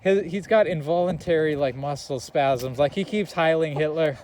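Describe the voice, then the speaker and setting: A young man chatting casually about a film he loves, rambling, laughing and stacking up fillers. His voice sits a little high for a man, with faint noise behind him. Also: moderate pace, darkish tone, rough recording. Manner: rambling, laughing movie recap full of fillers. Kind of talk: casual chat.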